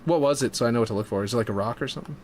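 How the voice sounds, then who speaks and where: A man's voice: mid-range voice, racing, slight background noise. A man streaming while building a game map, chatting casually and thinking aloud as he trails off. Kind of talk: casual chat while working.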